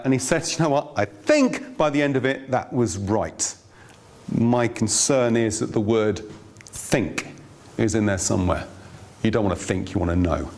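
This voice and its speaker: A man's voice: lowish voice, a little mellow. A man presenting a finance course in a room with an audience, in a chatty, anecdotal way with wry asides. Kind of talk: informal teaching talk.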